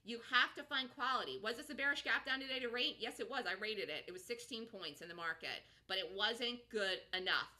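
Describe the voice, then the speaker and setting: A woman's voice: on the high side, animated, fast talker, few pauses, sharp tone. A woman hosting a live stock market show, talking emphatically, repeating herself, and answering viewers' chat. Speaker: stock trading show host.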